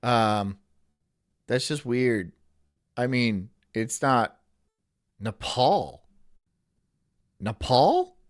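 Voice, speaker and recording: A man's voice: medium pitch, lively intonation, drawn-out words, pauses often, no echo, clean studio sound. A man live streaming, rambling crudely with frequent swearing and laughter. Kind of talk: casual live-stream chat.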